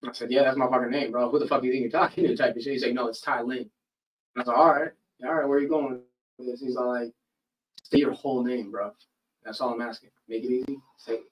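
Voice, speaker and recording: A man's voice: medium pitch, quick pace, distant mic, low-quality recording. A man, a podcast host, telling a long story in casual chat, swearing freely and acting out the people he quotes. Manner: animated, profane, acts out quoted people. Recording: voice a bit off-mic.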